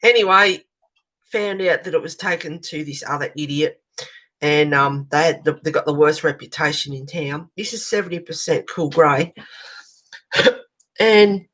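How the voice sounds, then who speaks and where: A woman's voice: low-pitched, moderate pace, a bit bright, poor audio. An Australian woman hosting a colouring channel, telling a long rambling story in casual chat as she colours, swearing now and then.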